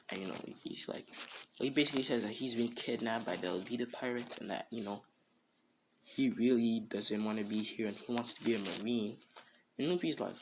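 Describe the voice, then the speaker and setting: A man's voice: medium pitch, brisk, noisy background. A man casually improvising a fan story, rambling with many fillers like "you know" and "basically".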